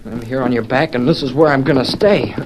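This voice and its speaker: An actor playing a plucky young cowboy lad who talks excitedly to his horse, in 1940s radio acting. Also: medium pitch, brisk, lightly acted. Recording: noisy 1940s radio broadcast.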